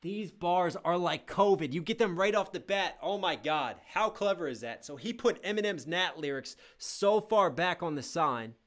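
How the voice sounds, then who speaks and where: A young man hosting a live music reaction stream, reading chat aloud, breaking into shouts and explaining rhyme schemes. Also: high voice, lively intonation, normal speed, few pauses.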